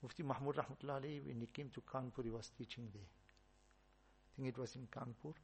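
A man, a religious teacher, giving a storytelling sermon with emphatic rises and soft asides. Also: mid-range voice, fairly even intonation, normal speed, vocal fry, breathy edge.

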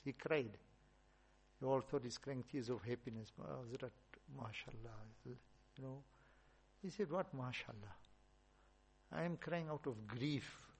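Man preaching, gravelly husky voice, storytelling sermon, emphatic then soft. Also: mid-range voice. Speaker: religious teacher.

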